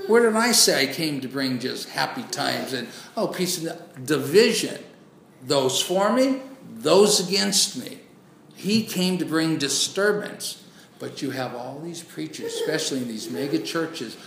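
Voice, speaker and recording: A man preaching a sermon emphatically, swinging between loud declarations and hushed asides. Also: a little high, expressive, a little slow, creaky, slight background noise. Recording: roomy echo.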